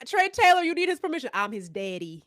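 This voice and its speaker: A pompous old Southern man, blustering and bossy, barking drawled demands in a raised, high-pitched voice, as a woman puts him on. The sound is close and dry. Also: sing-song, quick pace, fairly bright tone, no room sound. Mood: indignant.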